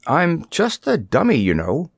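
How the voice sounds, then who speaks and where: A man voicing a gentle, naive stuffed dummy king in a storybook reading, quaint and mild. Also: a little high, huge pitch swings, measured pace, vocal fry, husky, no echo, pitched above the performer's own voice, heavily acted. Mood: earnest.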